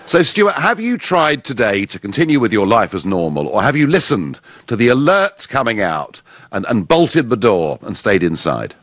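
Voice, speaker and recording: Male radio host, jovial, lively pitch, dry close mic. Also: dry recording. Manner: jovial, chuckling, quick to react. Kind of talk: radio phone-in hosting. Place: radio studio.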